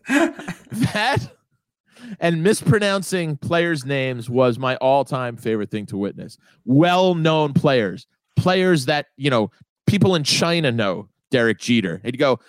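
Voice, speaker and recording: Lively, dry-sounding comedian. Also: male voice, mid-range voice, takes it slowly, no room sound. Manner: animated storyteller, mimics his dad in loud bursts. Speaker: podcast co-host. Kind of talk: casual comedic chat.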